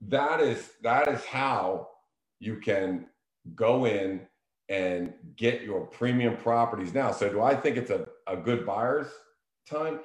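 A man talks real estate in an emphatic, coaching tone. His voice sits low, and the room around him is echoey. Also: expressive, slow pace. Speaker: real estate agent, show host. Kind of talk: casual business chat.

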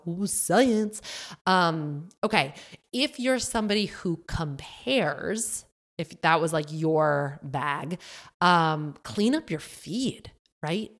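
Low-voiced chatty woman podcaster. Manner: chatty, animated, lots of "like" and "you know". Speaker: podcast host. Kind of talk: casual solo podcast monologue.

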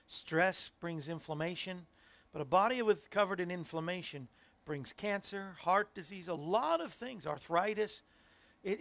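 A man's voice: high-pitched, fairly bright tone. A middle-aged man hosting a Christian talk show, chatting casually and rambling as he talks to viewers in the chat. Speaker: host.

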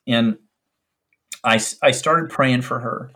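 A middle-aged man, a doctor, telling a personal story in an interview in an earnest, reflective, halting way. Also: mid-range voice, fairly bright tone. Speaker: infectious disease doctor.

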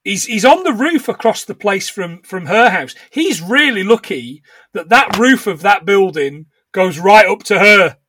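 A man's voice: sits high, expressive, a little slow, a bit bright, a little hiss or hum. A man co-hosting a podcast, chatting casually and laughing often as he acts out bits of dialogue. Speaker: podcast co-host. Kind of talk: casual chat recapping a film.

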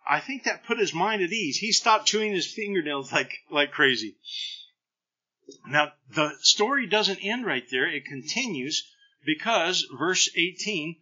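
Bright, lively middle-aged preacher man. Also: a little high, measured pace, husky, muffled recording. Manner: animated storytelling preacher, acts out scripture lines. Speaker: pastor. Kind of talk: sermon.

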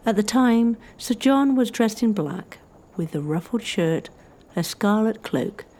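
A woman narrating a historical story in a measured, scripted storytelling style. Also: medium pitch, warm tone.

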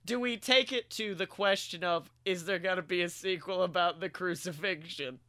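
A man co-hosting a comedy podcast in casual banter, animated and swearing, often laughing through his own jokes. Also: sits high, moderate pace, no room sound. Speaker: podcast co-host.

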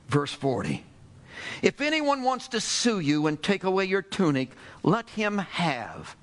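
A man preaching a sermon to a congregation, telling a parable with animated storytelling and acting out the characters. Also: high voice. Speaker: pastor.

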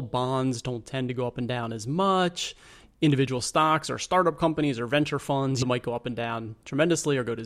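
Male financial adviser, steady mid-range voice, calm patient explanations. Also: mid-range voice. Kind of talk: explanatory interview talk.

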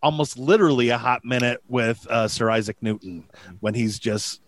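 A man's voice: mid-range voice, normal speed. A man hosting a casual podcast, upbeat and self-deprecating. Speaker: podcast host.

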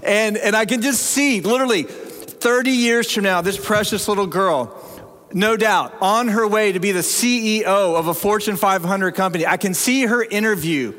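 Middle-aged pastor guy preaching, high voice, funny lively storytelling, big reverby church hall. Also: measured pace. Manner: animated, humorous storytelling. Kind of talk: sermon. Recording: long reverb of a large hall.

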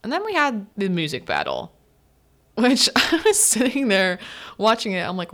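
A woman's voice: medium pitch, wildly swooping pitch, normal speed, fairly bright tone. Chatty young woman recapping a movie. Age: young adult. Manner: chatty, laughing, acts out characters' lines. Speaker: podcast host.

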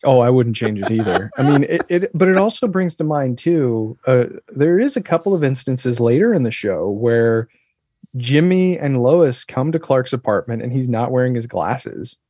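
A man talking about a TV episode in a relaxed, thoughtful podcast chat, with frequent fillers. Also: mid-range voice, normal speed, breathy edge, dry recording, clean studio sound. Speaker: podcast co-host. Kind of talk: casual chat.

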